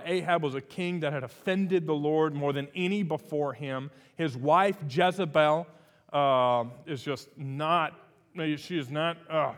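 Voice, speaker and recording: Give me a male pastor preaching a sermon in a casual, conversational manner, full of ums and restarts. His voice sits a bit high for a man. The recording carries the long reverb of a church hall. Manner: conversational, with many fillers and restarts.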